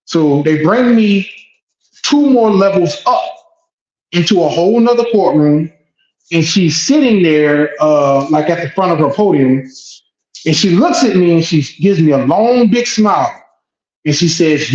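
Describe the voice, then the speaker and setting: A man who is a guest telling an emotional first-person story, animated and blunt, repeating phrases and swearing. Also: on the high side, a little slow. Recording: echoey dull lo-fi room.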